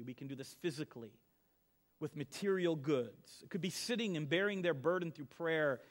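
A middle-aged man preaching from the pulpit in a fairly high voice. He talks like he is telling stories to friends, dropping to quiet asides and then pressing hard on key lines. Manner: conversational storytelling, swings from soft to emphatic. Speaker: pastor. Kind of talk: sermon.

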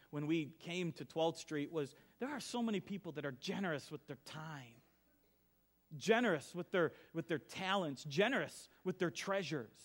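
A middle-aged male pastor preaching a conversational sermon, telling stories, moving between soft asides and emphatic lines. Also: a little high.

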